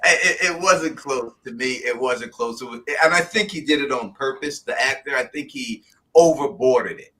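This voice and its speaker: Man, New York accent, podcast host, casual recap chat, animated and rambling, bright forceful voice. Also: mid-range voice, moderate pace. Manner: animated, chuckling, loose rambling speech.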